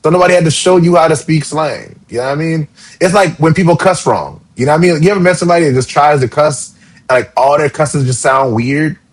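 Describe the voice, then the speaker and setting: A man's voice: fairly high pitch, fast. A man from Charleston, co-hosting a podcast in casual chat and explaining his views earnestly. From Charleston, South Carolina. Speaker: podcast co-host.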